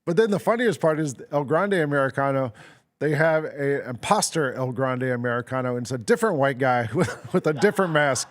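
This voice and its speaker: A man's voice: mid-range voice, expressive, fairly quick. A man co-hosting a casual sports talk show, telling stories in a rambling way with lots of "like" and "um" fillers. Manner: amused storyteller. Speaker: sports radio co-host.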